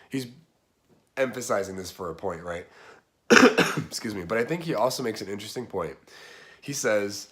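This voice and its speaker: A man casually explaining a Bible passage in a relaxed, chatty way. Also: lowish voice, moderate pace. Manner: relaxed, conversational, chatty slang. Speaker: Bible teacher.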